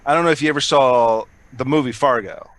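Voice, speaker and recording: A man's voice: medium pitch, brisk, a bit bright. Rambling, swearing podcast guy. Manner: rambling, swears a lot, many restarts. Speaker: podcast co-host. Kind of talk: casual chat.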